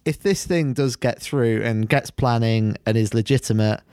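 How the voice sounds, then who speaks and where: A man's voice: medium pitch, normal speed, darkish tone, smooth. A man co-hosting a podcast in casual chat, with a wry, teasing manner. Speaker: podcast co-host.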